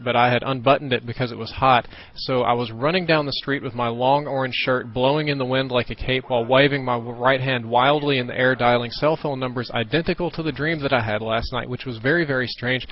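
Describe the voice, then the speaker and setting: A man's voice: medium pitch, steady tone, fairly quick, few pauses. A young man telling a rambling story while commenting on gameplay, swearing often and correcting himself as he goes. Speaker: gaming commentator. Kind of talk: casual storytelling over gameplay. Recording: dull lo-fi recording.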